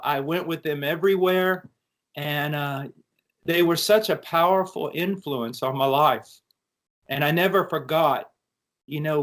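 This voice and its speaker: A middle-aged American man giving an earnest, animated personal testimony in conversation, with frequent restarts. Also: fairly high pitch. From United States. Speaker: interview guest.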